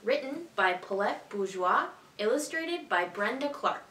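A woman teacher reading a children's picture book aloud in a clear, expressive, evenly paced way. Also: on the high side, measured pace, distant mic. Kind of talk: storybook read-aloud for children. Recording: echoey room, voice a bit off-mic.

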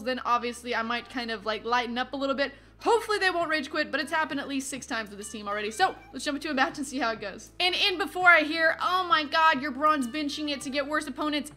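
A young woman hosting a gaming video, giving chatty, excitable casual commentary while she plays. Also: sits high. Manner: chatty, excitable, quick asides.

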